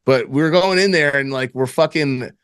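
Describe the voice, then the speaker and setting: A young man co-hosting a podcast, telling a story in casual chat, animated and profane, bursting into loud acted lines. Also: mid-range voice, moderate pace, clean tone, no room sound, clean studio sound. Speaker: podcast co-host.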